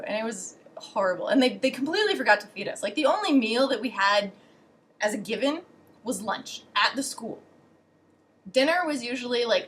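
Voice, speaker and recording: A woman's voice: a little high, fairly bright tone. Sarcastic, swearing young woman vlogger. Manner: sarcastic and profane, with lots of fillers. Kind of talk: casual storytelling.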